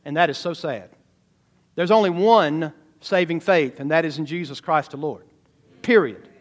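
A man preaching from the pulpit in a high, lively voice. He swings from quiet asides to sudden loud bursts, addressing the congregation directly. His delivery is animated and conversational. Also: moderate pace. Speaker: pastor. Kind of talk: sermon.

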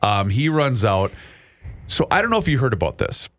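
A man's voice: medium pitch, big pitch swings, fairly bright tone. Chatty middle-aged male host. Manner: chatty storyteller, reads ad plugs quickly. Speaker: radio show host. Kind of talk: casual chat.

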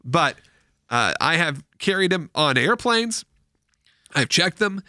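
A man who has school-age kids, hosting a podcast, chatting casually and reading sponsor ads in an animated, jokey way. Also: fairly high pitch, takes it slowly, dry recording, studio quality. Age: adult with school-age children. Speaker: podcast host. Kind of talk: casual chat and host-read ad.

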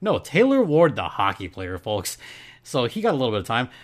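A man's voice: lowish voice, big pitch swings, brisk, a bit bright. A man hosting a sports podcast in a playful, joking way. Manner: playful and jokey, reads ad in hype voice. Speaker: podcast host. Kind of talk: casual sports podcast talk.

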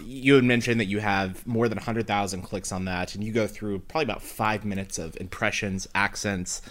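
Podcast host dude, talks fast, lowish voice, real enthusiastic. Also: male voice, steady tone, fairly bright tone. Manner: enthusiastic, effusive praise. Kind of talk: interviewing a guest.

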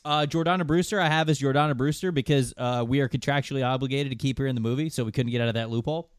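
Male podcast host, middle pitch, talkative and explanatory, dry studio mic. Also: racing, smooth, dry recording. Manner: chatty and explanatory, reads listener questions. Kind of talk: casual podcast chat.

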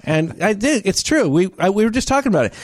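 Animated man with a lively high voice. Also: quick pace, dry recording, studio quality. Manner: animated, acts out both sides of an argument with frequent restarts. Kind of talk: casual storytelling chat.

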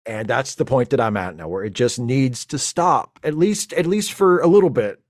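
A man's voice: mid-range voice, animated, moderate pace, dry recording, clean studio sound, natural voice. A man playing a flustered, rambling space-fleet lieutenant who stammers through a comedic audio monologue.

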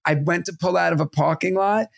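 A man in his thirties co-hosting a podcast, telling animated, profane family stories in casual chat. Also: high voice, fairly quick, vocal fry, no echo, clean studio sound. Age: 30s. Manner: animated, swearing, acts out family voices. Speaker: podcast co-host.

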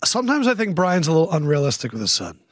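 High-voiced man hosting teasing banter. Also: sing-song, fast, no room sound, studio quality. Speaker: host. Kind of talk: casual chat.

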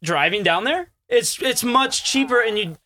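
A man co-hosting a radio show, sheepishly explaining how things went wrong in casual banter. He has a high, bright voice for a man. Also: animated, moderate pace.

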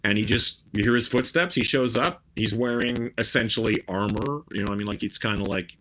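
A man's voice: lowish voice, brisk, pushed and bright. A middle-aged man chatting casually as a podcast guest, rambling with many restarts and fillers. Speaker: guest musician.

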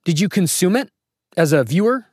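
A man's voice: high-pitched, expressive, a little fast, darkish tone, a little hiss or hum. A man hosting a casual interview, asking curious, conversational questions. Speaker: podcast host interviewer.

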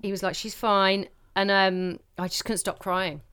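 A woman's voice: mid-range voice, clear, resonant tone, no echo. Woman telling a panicked story. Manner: animated storytelling with quick panicked bursts. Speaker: podcast co-host. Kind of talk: casual chat.

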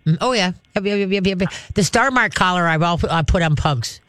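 Man, call-in radio host, higher voice, dry, chatty and instructive. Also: expressive, a little fast, fairly bright tone, no room sound. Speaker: radio show host and dog trainer.

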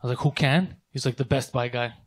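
A man in casual chat, telling an animated, profane story and acting out angry exchanges. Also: mid-range voice, quick pace, husky.

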